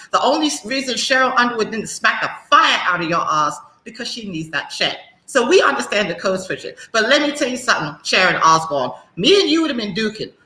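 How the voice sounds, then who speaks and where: Sassy London woman host, bright lively delivery, roomy echo. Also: a little high. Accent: London English. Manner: sassy, emphatic and animated. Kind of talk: opinionated talk-show monologue.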